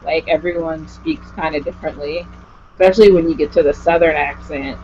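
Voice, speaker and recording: A woman's voice: low voice, fairly even intonation, a little fast, mellow, slight background noise. Gushy rambling woman vlogger, lo-fi audio. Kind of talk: casual chat with a guest. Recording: dull lo-fi home recording.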